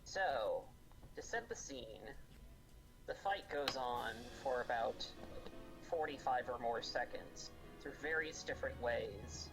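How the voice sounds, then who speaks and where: A man's voice: mid-range voice, lively intonation, low-quality recording. A man running a tabletop game as game master, narrating scenes and calling rolls with frequent ums and restarts. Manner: unhurried, full of ums and restarts. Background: faint background music.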